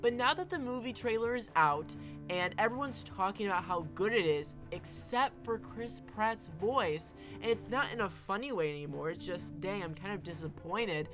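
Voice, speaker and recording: A woman's voice: mid-range voice, animated, moderate pace, over music. A woman giving casual opinion commentary as an online film commentator, emphatic and often tagging her points with "all right?".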